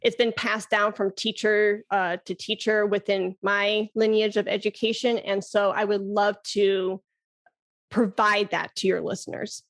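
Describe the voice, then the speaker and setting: A woman's voice: mid-range voice, flat delivery, unhurried. A woman flute teacher and podcast guest, talking enthusiastically and laughing often in a casual chat.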